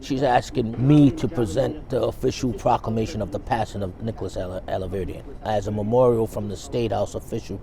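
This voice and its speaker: A man in a documentary interview recalling past phone calls in a reflective, halting way. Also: on the low side, steady tone, gravelly, dark tone. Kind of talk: interview storytelling.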